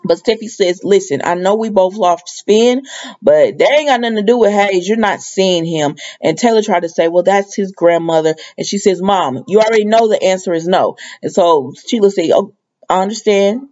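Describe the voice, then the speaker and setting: A woman's voice: mid-range voice, normal speed, darkish tone, highs cut off. A woman giving a casual, opinionated recap of a soap opera episode, retelling the scenes and quoting the characters' lines as she goes.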